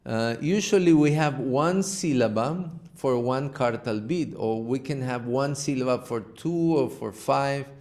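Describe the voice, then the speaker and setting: A man teaching an online class, slowly explaining how to chant and singing short demonstration phrases. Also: mid-range voice, darkish tone. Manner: patient, slow instruction with sung demonstrations of a chant. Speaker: music teacher.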